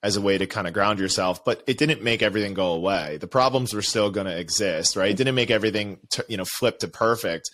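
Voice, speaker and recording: A man's voice: on the low side, fast, hardly any pauses, fairly bright tone. A man hosting a podcast interview, talking in a reflective way with many fillers. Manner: reflective, filler-heavy, "you know". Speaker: podcast host.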